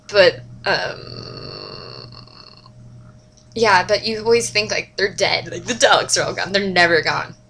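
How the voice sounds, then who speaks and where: Young woman vlogger, bright tone, gushing casual fan chatter with sudden whispers and squeals. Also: mid-range voice. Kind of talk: casual fan chat to camera.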